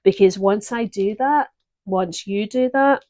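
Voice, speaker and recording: A woman giving a gentle, reflective tarot reading, pausing often to think. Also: mid-range voice. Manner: gentle, reflective, with pauses and fillers. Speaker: tarot reader.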